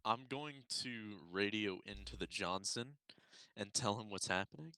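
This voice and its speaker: A man taking part as a player in a tabletop game, eager and lively. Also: fairly low pitch, a little slow, crowd noise.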